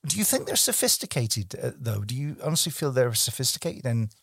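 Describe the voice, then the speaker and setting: Enthusiastic husky male interviewer. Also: mid-range voice, big pitch swings, brisk, a bit bright, no room sound, studio quality. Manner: enthusiastic, asks probing questions. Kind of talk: casual interview talk.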